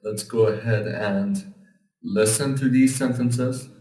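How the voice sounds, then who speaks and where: A man gives an English lesson, patiently walking through grammar and pronunciation step by step. His medium-pitched voice is mellow and fairly even, and he takes it slowly. The room is echoey and the mic sits at a distance.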